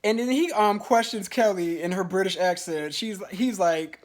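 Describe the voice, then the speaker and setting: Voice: medium pitch, normal speed, few pauses. A vlogger giving a casual, profane, gossipy TV episode review, full of fillers and restarts. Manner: chatty, blunt, profane, gossipy; fillers and restarts, lively swings in loudness.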